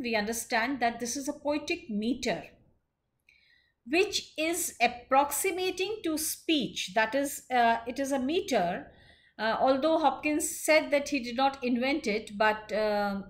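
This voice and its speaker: Woman teacher with a high voice, explaining slowly w lots of uh pauses. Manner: measured explaining with frequent pauses and fillers. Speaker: literature lecturer. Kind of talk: classroom lecture.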